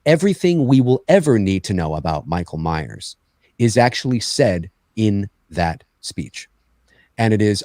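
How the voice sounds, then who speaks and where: A man co-hosting a podcast in casual chat, animated and teasing, laughing often. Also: fairly low pitch, a little slow, dry recording.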